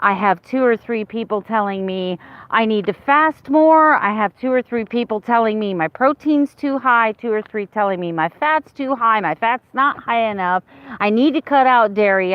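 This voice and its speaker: A woman's voice: medium pitch, no room sound, dull audio. A woman in her fifties talking candidly to her viewers in a casual, rambling vlog. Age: 50s. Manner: candid and rambling, with many restarts. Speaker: vlogger. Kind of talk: casual chat to camera.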